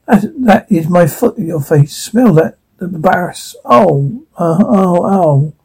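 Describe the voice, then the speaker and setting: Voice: mid-range voice, lively intonation, slow pace, a little mellow, husky, low-quality recording. A reader going through a comedy script aloud, doing every part, with small slips and restarts. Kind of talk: reading a comedy script aloud, all parts.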